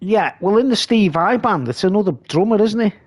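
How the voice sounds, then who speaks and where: A man's voice: sits high, animated, fairly quick. A man hosting a live stream, rambling casually and reading comments aloud.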